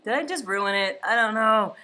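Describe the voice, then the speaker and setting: A woman hosting a live painting stream from home, chatting casually, reading viewer comments aloud and thinking out loud as she paints. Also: fairly high pitch, animated, normal speed, smooth. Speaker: livestream painting host. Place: home, indoors.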